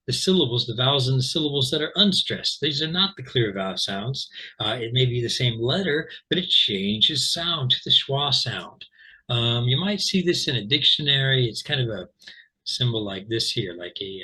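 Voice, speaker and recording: A man's voice: mid-range voice, pushed and bright, slightly rough, rough recording. A man teaching English pronunciation in an informal online lesson, rambling with lots of fillers and restarts and checking in with "okay?". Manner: explains patiently, checks in with "okay?".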